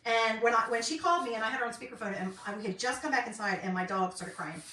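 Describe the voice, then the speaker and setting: Middle-aged woman, rambling craft chat, bright tone, roomy far-off mic. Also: fairly high pitch, fast talker. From North Carolina, US. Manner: rambling and chatty, many ums. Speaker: craft vlogger. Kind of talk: casual chat while crafting. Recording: roomy, distant, faint noise.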